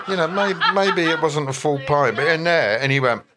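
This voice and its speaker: A man, an interview guest telling rambling, animated anecdotes full of quoted voices. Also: fairly high pitch, a little slow, noisy background. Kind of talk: anecdotal storytelling.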